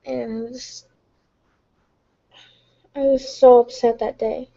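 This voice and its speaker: A tired woman speaking softly and haltingly in a late-night confessional live stream from home, stumbling and restarting as she gets emotional. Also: fairly high pitch, level tone, gravelly, lo-fi sound. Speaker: vlogger.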